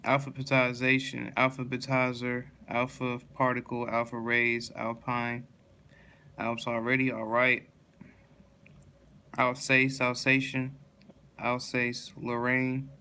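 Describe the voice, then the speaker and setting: A tired man yawns as he reads dictionary words one after another in a flat monotone, occasionally stumbling and starting over. His mid-range voice is smooth and unhurried.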